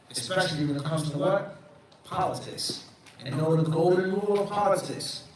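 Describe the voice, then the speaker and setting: A man's voice: high-pitched, a little hiss or hum. A man, an Islamic scholar, answering audience questions in a firm, emphatic, explanatory lecture style. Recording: echoey room, mic at a distance.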